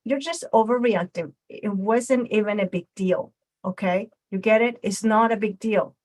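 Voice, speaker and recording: A woman voicing a male raccoon puppet in a lesson role-play, answering with quick, pushy retorts. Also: medium pitch, darkish tone, lightly acted. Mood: defensive. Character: male raccoon puppet, brash then apologetic.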